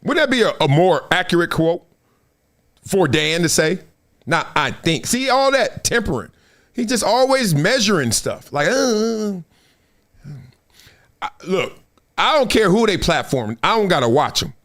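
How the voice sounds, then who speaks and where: A fairly high-pitched man with a lively, swooping voice hosts a live sports talk show. He tells stories in loose, casual slang and laughs often. He slips into other people's voices as he talks. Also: normal speed.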